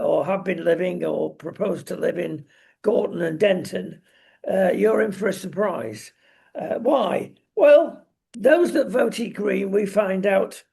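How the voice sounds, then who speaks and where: A man with a very gravelly, husky voice gives opinionated commentary. He talks slowly and deliberately, with a sardonic, emphatic delivery. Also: sits high, darkish tone. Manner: slow, emphatic, sardonic, with frequent ums. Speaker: political commentary show co-host.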